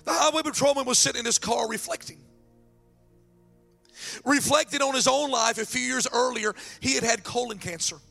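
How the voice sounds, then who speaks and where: A man preaching a sermon and telling a story, excitable and repeating words as he builds up, his throat strained. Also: extremely high pitch, moderate pace, gravelly, faint music behind. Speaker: pastor.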